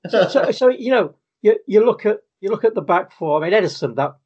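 A man's voice: high voice, expressive, brisk, darkish tone, husky, dull audio. A man co-hosting a podcast, chatting casually about football with frequent restarts. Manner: hesitant, restarts often. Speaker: podcast co-host.

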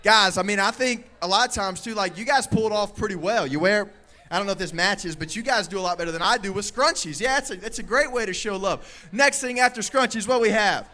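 A man leading a lively youth sermon on a handheld microphone, playful and energetic, often calling out loudly to the crowd. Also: high-pitched, fairly quick. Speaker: youth pastor.

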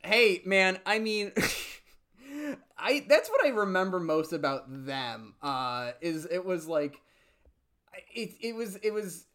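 A man's voice: high voice, expressive, slow pace, a bit bright. A young man co-hosting a music podcast, talking casually with frequent fillers and restarts. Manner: chatty, lots of fillers and restarts. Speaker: podcast co-host. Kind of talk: casual chat.

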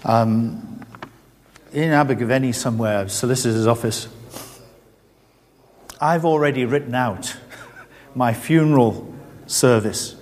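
A man's voice: mid-range voice, slow pace, pauses often, darkish tone. A middle-aged man preaching a sermon, telling stories and asking rhetorical questions in an earnest manner. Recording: reverberant hall.

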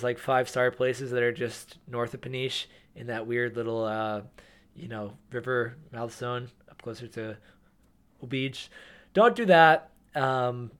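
A man co-hosting a podcast, giving quick, mock-preachy advice in casual banter. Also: mid-range voice, clean tone. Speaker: podcast co-host.

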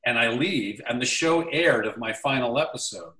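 A man spins a story from his acting career in a relaxed interview chat. He jumps into the quoted lines of the people in the story as he goes. The sound is roomy, as if he sits a little away from the mic. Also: mid-range voice, moderate pace, distant mic. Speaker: actor guest. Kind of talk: casual anecdote storytelling.

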